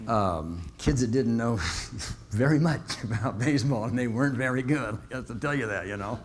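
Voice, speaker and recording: A man's voice: medium pitch, animated, moderate pace, a little hiss or hum. A man telling a long personal story to an audience in a folksy way, often chuckling and checking in with "okay?". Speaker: motivational speaker.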